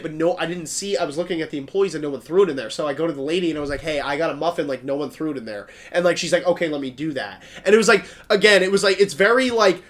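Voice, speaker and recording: A young man from New Jersey, co-hosting a podcast, tells rambling, filler-heavy stories full of acted-out quotes. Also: high voice. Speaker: podcast co-host. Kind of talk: casual chat.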